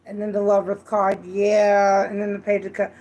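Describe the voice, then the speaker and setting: A woman's voice: mid-range voice, monotone, moderate pace, darkish tone. A woman giving a casual, frank tarot reading, chatty and full of restarts. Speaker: tarot reader.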